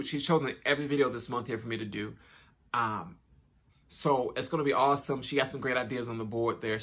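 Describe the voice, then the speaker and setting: A man's voice: medium pitch, pushed and bright. A young man hosting his own channel, talking casually straight to camera in an upbeat, chatty way with informal slang and repeated phrases. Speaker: YouTube channel host. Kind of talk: casual direct-to-camera vlog talk.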